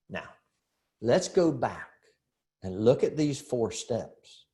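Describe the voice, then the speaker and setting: A middle-aged man training real estate agents in a seminar, telling lively stories, acting out dialogue and putting rhetorical questions to the audience. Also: mid-range voice. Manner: animated storyteller who acts out dialogue and asks rhetorical questions.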